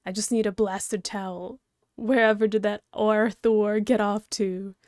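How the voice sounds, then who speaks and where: A woman's voice: mid-range voice, flat delivery, a little slow, darkish tone, dry recording, studio quality, lightly acted. Woman doing a fussy snobbish male troll. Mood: haughty. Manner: haughty, fussy, formal wording. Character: prim snobbish strong male troll aristocrat. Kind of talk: reading a webcomic aloud with voices.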